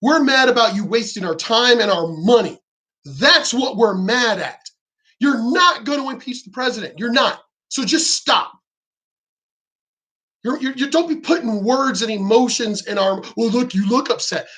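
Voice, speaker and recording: A vlogger rants angrily about politics in a bright, forceful, medium-pitched voice with lively intonation and a measured pace. The commentary is heated, sarcastic, and full of swearing, mocking opponents in quoted voices.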